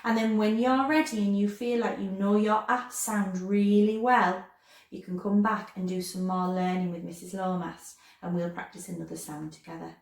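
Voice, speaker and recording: A woman teaching a children's phonics lesson, slowly stretching out word sounds and asking lively questions to young learners at home. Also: mid-range voice, creaky, roomy sound, recorded from a distance. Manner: slow, exaggerated sounding-out of words; animated, sing-song questions to children. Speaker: primary school teacher.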